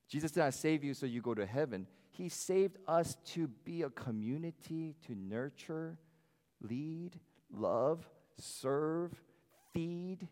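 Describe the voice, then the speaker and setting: Male pastor, lively sermon delivery, mid-pitched voice, long hall reverb. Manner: animated, varies loudness, acts out quoted voices. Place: church sanctuary.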